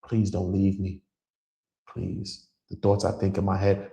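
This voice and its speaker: A man's voice: low voice, monotone, unhurried, gravelly, dark tone. A man hosting his own channel, talking casually but preachily to his viewers, often calling them bro and man. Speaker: channel host. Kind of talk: casual livestream talk.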